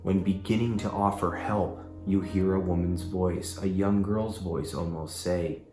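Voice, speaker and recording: A man's voice: low-pitched, steady tone, a little slow. A man in voice-over, earnestly explaining a paranormal session he recorded. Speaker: paranormal vlogger. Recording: echoey room, music underneath.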